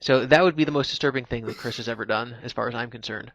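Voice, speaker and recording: A man's voice: medium pitch, fast talker, a bit bright, no room sound. A man hosting a casual live stream, explaining at length with lots of "like"s and restarts. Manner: chatty, explains at length with many "like"s. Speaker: podcast host.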